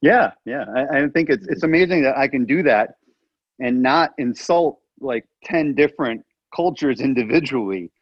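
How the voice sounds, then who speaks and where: A man co-hosting a comedy podcast in casual chat, laid back and quick to laugh. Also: medium pitch, lively intonation, breathy edge, no room sound, highs cut off. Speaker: podcast co-host.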